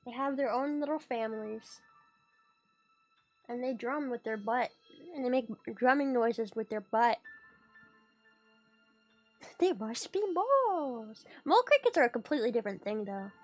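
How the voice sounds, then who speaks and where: A woman on a casual stream rambles and swears in an excited, teasing way, her pitch and volume leaping around. She takes her time, leaving long pauses, while music plays faintly behind her.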